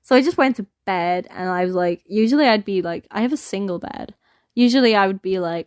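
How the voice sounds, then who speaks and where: A woman's voice: a little high, expressive, fairly quick, a little mellow, dry recording. A young woman, hosting a podcast and telling a story in a casual, sweary, laughing way. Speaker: podcast host.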